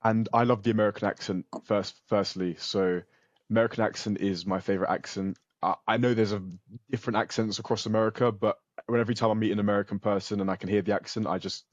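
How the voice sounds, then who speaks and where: A young British man who studies computer science speaks earnestly and with confidence as the guest in a casual interview over a call, frequently restarting his sentences. His voice is lowish, with fairly even intonation and a fast pace. The recording is muffled, with no room sound.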